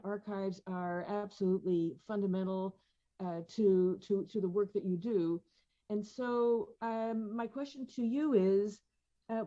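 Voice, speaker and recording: A woman's voice: medium pitch, warm tone, dull audio. An older woman speaking in a panel discussion, thoughtful, with many fillers and restarts. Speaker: panel speaker, museum curator.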